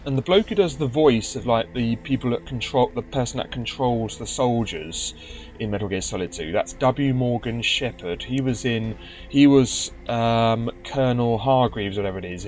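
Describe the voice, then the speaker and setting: A man's voice: medium pitch, moderate pace, a little mellow, soft background music. A man giving casual gameplay commentary, grumbling and sarcastic, with stumbling restarts. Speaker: let's play commentator.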